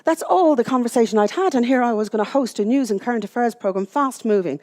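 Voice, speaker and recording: Middle-aged Irish woman, public speaker, quick and mellow, candid storyteller with self-mocking wit. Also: a little high, lively intonation. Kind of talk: personal storytelling talk to a live audience. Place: room with an audience.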